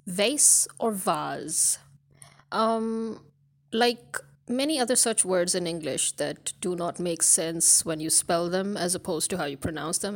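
Woman teaching English pronunciation, low voice. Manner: explanatory, spells words out letter by letter. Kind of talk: pronunciation lesson.

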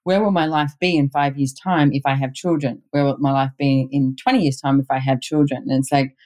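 A woman's voice: a bass voice, fairly even intonation, fairly quick, dark tone. A middle-aged woman, a relationship expert guest, talking candidly in casual conversation and telling personal stories. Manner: candid, storytelling, laughs easily.

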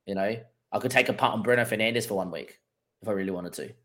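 A man's voice: on the low side, fast talker, fairly bright tone. Man thinking aloud through team options. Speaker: podcast co-host. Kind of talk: casual fantasy football chat.

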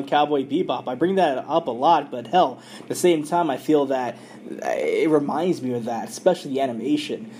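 A man's voice: medium pitch, a little mellow, slight background noise. A man hosting a podcast, casually retelling an anime episode with lots of fillers and quoted dialogue. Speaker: podcast host recapping an anime.

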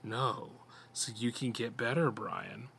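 Man voicing a slick, scaly horror-story monster; low, hushed, slow menace. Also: fairly even intonation, vocal fry, full character voice. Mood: menacing hush.

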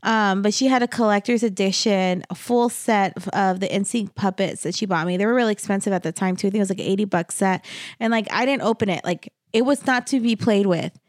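Soft-spoken woman in her thirties, casual. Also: medium pitch, fairly quick, dry recording, studio quality. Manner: relaxed, soft-spoken, many ums. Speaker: podcast co-host. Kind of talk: casual chat.

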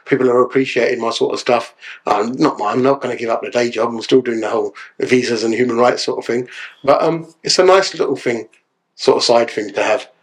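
A man talking as a podcast guest, chatty and animated, tagging his lines with "yeah?". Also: medium pitch, fairly quick. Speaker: podcast guest, solicitor and actor. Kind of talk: casual podcast chat.

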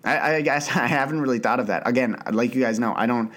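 An earnest young man talks unscripted into his own podcast mic. He rambles and restarts sentences, dropping the odd swear word, in a voice of ordinary middle pitch. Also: quick pace, fairly bright tone. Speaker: podcast host. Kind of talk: unscripted solo podcast monologue.

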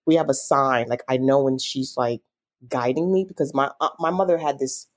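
Young woman, low voice, guest recounting a painful family story with lively acted-out dialogue. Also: moderate pace. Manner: emotional, animated retelling with quoted dialogue. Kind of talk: personal storytelling in conversation.

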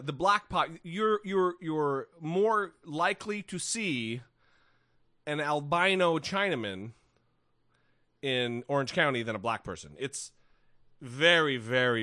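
A man's voice: fairly high pitch, lively intonation, takes it slowly, bright, forceful tone, no room sound, clean studio sound. A man co-hosting a podcast in casual chat, wry and rambling, swearing freely and restarting his sentences. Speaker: podcast co-host.

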